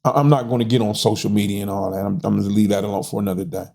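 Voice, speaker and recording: A man's voice: fairly low pitch, steady tone, rapid-fire, gravelly, warm tone. A middle-aged American man in a casual monologue, frustrated and folksy, often stumbling over repeated words and tossing in "man". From United States. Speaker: host.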